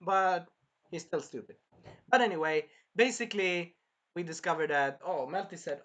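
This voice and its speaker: A reviewer excitedly recapping an anime episode, acting out the characters' shrieks and cries and often losing track mid-sentence. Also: mid-range voice, normal speed. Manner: animated, acts out shrieks and cries; rambling, loses track and restarts.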